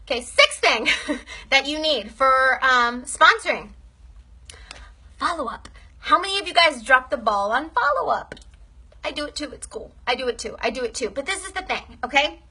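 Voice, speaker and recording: A woman's voice: high voice, animated, moderate pace, bright, forceful tone, husky. A young woman giving a casual training talk to her sales team, upbeat and chatty, often checking in with "okay?".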